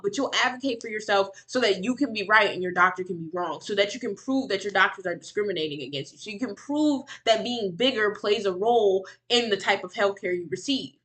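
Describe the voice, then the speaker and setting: A woman's voice: on the high side, sharp tone. Heated woman ranting over a clip. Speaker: commentary streamer reacting to a clip. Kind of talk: reaction commentary.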